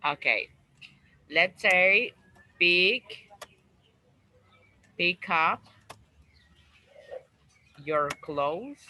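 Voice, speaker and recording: A man teaching an English class over a video call, slowly repeating words and phrases for his students. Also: high voice, expressive, sharp tone, slight background noise, rough recording.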